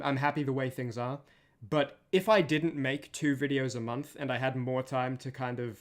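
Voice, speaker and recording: Tired guy chatting on his stream, rambly, keeps restarting sentences. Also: medium pitch. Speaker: streamer and voice animator. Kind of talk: casual stream chat.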